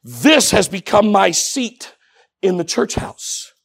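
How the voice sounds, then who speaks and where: A man delivers a sermon in a high, husky voice with a gravelly edge. He tells his story with lively swings, going from near-whispers up to full shouts. His pitch ranges widely. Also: slow pace. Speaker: preacher.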